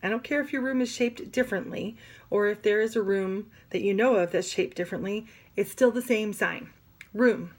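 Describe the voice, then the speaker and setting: A woman teaching sign language vocabulary in an animated, demonstrative way, with playful asides. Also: medium pitch, normal speed. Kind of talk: classroom lesson.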